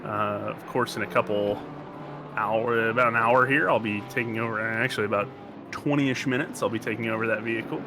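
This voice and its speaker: A man's voice: fairly low pitch, steady tone, over music. A man with an American accent giving casual, joking commentary on a sim race. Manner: jokey, rambling, quick to banter. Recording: noisy stream audio.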